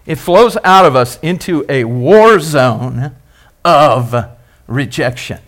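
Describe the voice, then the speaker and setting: A male pastor preaching a sermon, emphatic and repetitive, asking the congregation questions and building phrases up, then dropping them low. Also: expressive, takes it slowly. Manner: repeats and builds phrases, rising and dropping loudness.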